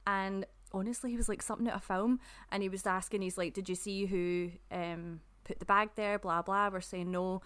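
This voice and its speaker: A young woman from Scotland with a Scottish accent, co-hosting a casual podcast. She tells stories in an animated, giggly way at a mid pitch. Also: normal speed, few pauses, smooth. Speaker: podcast co-host. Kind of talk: casual storytelling chat.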